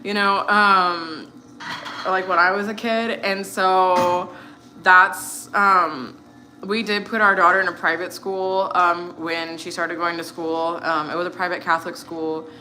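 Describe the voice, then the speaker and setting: A woman's voice: on the low side, flat delivery, a little slow, bright, forceful tone, a little hiss or hum. Chatty American woman vlogging. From United States. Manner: rambling, many fillers and "like". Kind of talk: casual chat while cooking.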